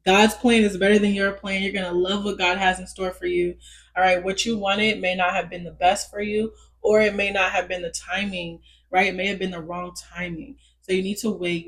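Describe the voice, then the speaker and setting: A woman's voice: on the low side, flat delivery, brisk. A woman giving a casual pick-a-card tarot reading straight to her viewers, reassuring them, repeating her points and checking in with "okay?". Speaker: tarot reader.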